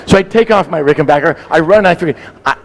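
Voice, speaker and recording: A man's voice: a little high, fast talker, in a large hall, low-quality recording. A man in his sixties telling a long, rambling anecdote, acting out voices and sounds as he digresses. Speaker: guest storyteller.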